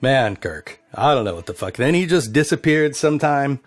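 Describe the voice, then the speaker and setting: A man's voice: medium pitch, lively intonation, moderate pace, dry recording. A man from a band telling a profane road anecdote in a documentary interview. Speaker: band member.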